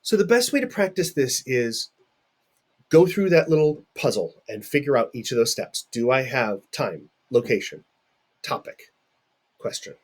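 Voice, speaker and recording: A man's voice: mid-range voice, lively intonation, a little slow. A middle-aged man teaching in a recorded video lecture, talking conversationally and putting questions to his students.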